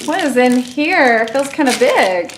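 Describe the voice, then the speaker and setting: High-voiced gushing woman unboxing toys. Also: lively intonation, unhurried, roomy sound, noisy background. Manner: gushing and playful, squeals with delight. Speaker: toy unboxing vlogger. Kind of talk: excited toy unboxing chatter.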